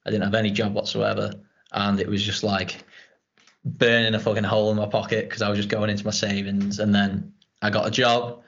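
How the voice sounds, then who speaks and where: A young man who hosts a podcast, talking in a relaxed, rambling way and swearing casually. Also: fairly low pitch, brisk, gravelly, highs cut off. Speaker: podcast host. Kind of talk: casual chat.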